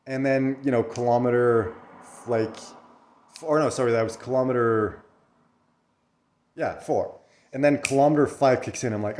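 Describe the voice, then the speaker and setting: A man's voice: mid-range voice, steady tone, normal speed, long pauses, darkish tone, slight background noise. A man talking earnestly and reflectively in a personal vlog, coughing now and then after a run and swearing casually. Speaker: vlogger.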